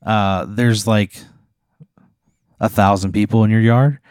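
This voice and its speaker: A young man, co-host of a comedy podcast, improvising a rambling, profane hypothetical with deadpan teasing. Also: lowish voice, slow pace, clean tone, no room sound, clean studio sound.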